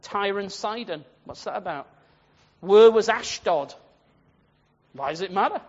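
A man's voice: high voice, lively intonation, unhurried. A man giving a chatty, rambling Bible study talk, often turning to his listeners directly. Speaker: Bible teacher. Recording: dull, muffled, long hall echo.

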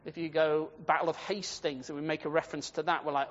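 A man's voice: fairly high pitch, very animated, quick pace, hardly any pauses. A man giving a chatty, rambling Bible study talk, often turning to his listeners directly. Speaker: Bible teacher. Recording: dull, muffled, long hall echo.

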